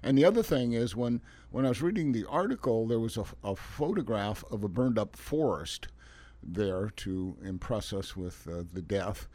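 A man's voice: on the low side, expressive, moderate pace, warm tone. A man hosting a local radio garden show, chatting in a folksy, rambling way with chuckles and restarts. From Oregon. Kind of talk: casual radio talk show chat.

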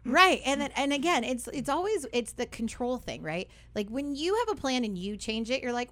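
A woman's voice: high voice, very animated, brisk, few pauses, fairly bright tone. A young adult woman hosting a radio talk show, chatty and upbeat, often adding "right?" and "like".

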